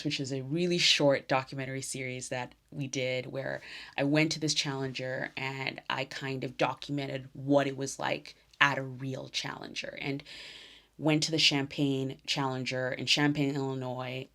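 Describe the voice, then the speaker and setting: Young low-pitched woman hosting her own chatty tennis podcast; gushing, with soft trailing asides. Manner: chatty and effusive, trails off into soft near-whispers. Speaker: podcast host. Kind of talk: casual solo tennis podcast.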